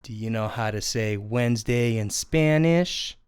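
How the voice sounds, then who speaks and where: A puppeteer voicing a friendly little sparrow puppet who teaches children, speaking in an encouraging, drawn-out way. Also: medium pitch, darkish tone, smooth, no echo, studio quality, natural voice. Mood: cheerful. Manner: sing-song, encouraging, drawn-out words. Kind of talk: children's lesson.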